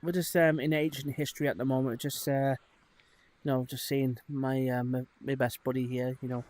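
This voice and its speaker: A man's voice: mid-range voice, level tone, normal speed, a little mellow. A man chatting casually to his viewers while exploring in a VR headset, rambling with lots of fillers. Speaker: streamer. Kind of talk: casual live-stream chat.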